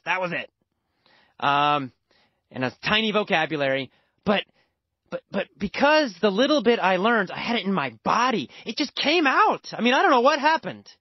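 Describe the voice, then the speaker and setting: Lively American man telling a lesson story. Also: sits high, breathy edge, no echo. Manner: emphatic, repeats words for emphasis. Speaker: language teacher. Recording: dull lo-fi dry recording.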